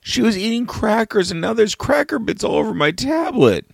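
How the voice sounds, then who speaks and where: A man voicing his upset six-year-old daughter in a high, tearful voice. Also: very animated, normal speed, gravelly, husky, no room sound, exaggerated voice. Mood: whiny. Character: upset little girl, about six, tearful.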